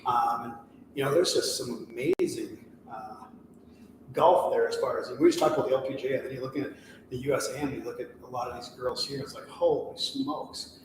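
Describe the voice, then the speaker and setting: A man's voice: medium pitch, brisk, far from the mic. A man co-hosting a golf talk show, speaking in an easygoing, conversational way. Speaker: golf pro co-host. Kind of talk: casual chat. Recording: echoey room with background noise.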